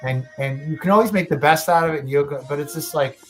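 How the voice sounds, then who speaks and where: A man's voice: on the high side, fast, soft background music. A man in his late thirties co-hosting a casual podcast, rambling with lots of swearing and restarts. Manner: rambling, profane, restarts a lot. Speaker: podcast co-host.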